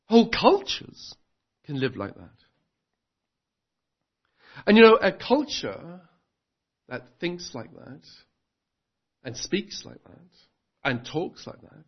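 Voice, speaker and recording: A male preacher delivers an earnest sermon and keeps turning to his listeners with rhetorical questions. His voice sits high, and the recording sounds muffled and lo-fi.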